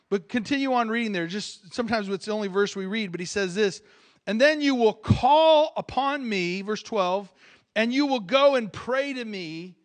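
A man's voice: sits high, fairly bright tone. A man preaching a sermon as a visiting pastor in a church, emphatic, calling out for amens and often restarting his phrases. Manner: emphatic, calls for amens, repeats his starts.

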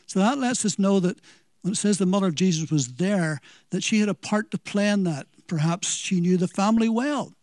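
A man's voice: high-pitched, a little fast, a little mellow, no echo, studio quality. A man with a Northern Irish accent preaching a sermon, telling it as an earnest story and asking the listeners questions.

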